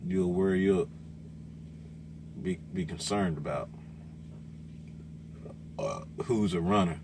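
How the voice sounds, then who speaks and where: A man, a truck driver ranting loudly and cursing in casual talk from inside his truck cab. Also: sits low, takes it slowly, long pauses, slight background noise. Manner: loud, cursing, repetitive, laughing. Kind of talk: profane casual rant.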